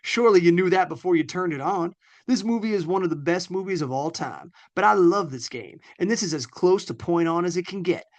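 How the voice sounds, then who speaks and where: A man's voice: high-pitched, brisk, pitched above the performer's own voice. A man voicing a blustering Southern man raving about football, in a put-on drawling Southern accent. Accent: put-on American Southern. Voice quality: drawling and emphatic.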